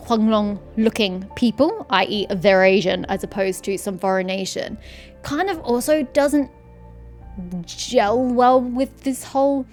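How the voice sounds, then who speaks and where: A woman talks her way through a video game, reading prompts aloud and tossing out sarcastic asides. Her voice sits a bit high, and faint game music plays under her. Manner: sarcastic, swears casually, reads quest text aloud. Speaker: let's-play streamer. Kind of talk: casual game commentary.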